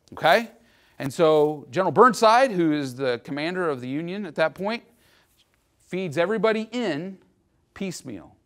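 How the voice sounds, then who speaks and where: A man's voice: on the high side, fairly bright tone. A man giving an informal history lecture to a live audience, explaining events in a chatty way and often checking in with his listeners. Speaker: history presenter.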